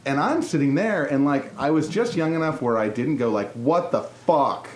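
A man's voice: on the high side, brisk, a little hiss or hum. A young man telling candid stories in casual podcast chat, laughing often. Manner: candid, laughing, animated storyteller. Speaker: podcast co-host. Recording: roomy echo.

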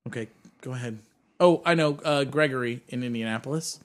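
A man's voice: mid-range voice, fairly quick. A man co-hosting a podcast in casual chat, tossing in sarcastic quips. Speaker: podcast co-host.

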